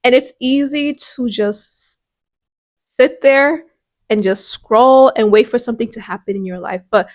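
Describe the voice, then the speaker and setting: A woman's voice: fairly high pitch, a little slow, darkish tone, dry recording. A woman hosting a devotional podcast. She talks in an earnest, conversational way and often restarts her sentences. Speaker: podcast host.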